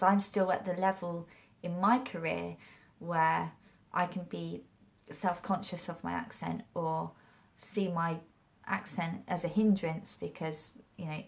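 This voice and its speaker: Young Englishwoman, mixed regional accent, lower voice, rambling self-deprecating vlogger. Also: steady tone, unhurried, vocal fry. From England. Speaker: acting vlogger. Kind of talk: casual talk to camera.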